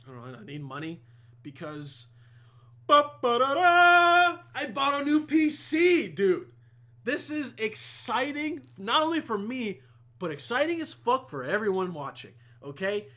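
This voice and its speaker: High-voiced, profane young podcast guy. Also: sing-song, normal speed, pushed and bright. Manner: rambling and heavily profane, with many fillers. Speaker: podcast host. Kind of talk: casual storytelling monologue.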